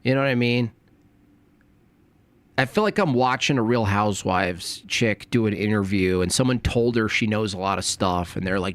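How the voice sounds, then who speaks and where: A man's voice: on the low side, normal speed, dry recording. A man streaming a reaction to a video, talking in sarcastic, rambling asides. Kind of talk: casual reaction commentary.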